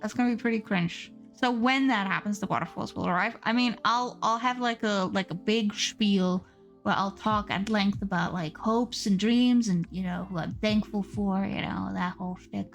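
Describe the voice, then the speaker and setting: A woman's voice: mid-range voice, moderate pace, soft background music. A woman streamer chatting casually and playfully with her live chat, giggling often and reading messages aloud.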